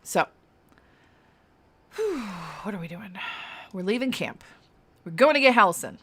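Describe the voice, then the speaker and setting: A woman's voice: mid-range voice, big pitch swings, a little slow, fairly bright tone. A young adult woman streaming a fantasy game, chatting casually and giggling as she plays. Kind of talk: casual gameplay commentary.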